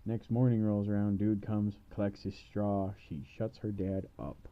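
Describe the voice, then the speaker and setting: A man casually retelling a fairy tale in playful slang, punctuating it with shouts of bam. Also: fairly low pitch, little pitch movement, measured pace, muffled recording.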